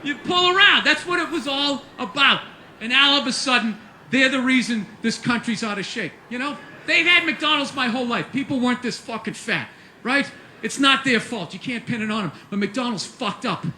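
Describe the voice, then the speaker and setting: Male stand-up comic, profane exasperated rant, piercing bright tone in a roomy echo. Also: extremely high pitch, expressive, moderate pace, slight background noise. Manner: profane, exasperated, bursts into shouting. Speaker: stand-up comedian.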